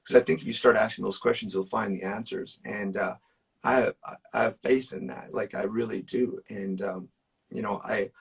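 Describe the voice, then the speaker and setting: Husky, gravelly man telling stories off-mic. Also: on the low side, steady tone, moderate pace, recorded from a distance. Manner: earnest, emphatic storytelling with many fillers. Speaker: musician guest. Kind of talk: casual storytelling.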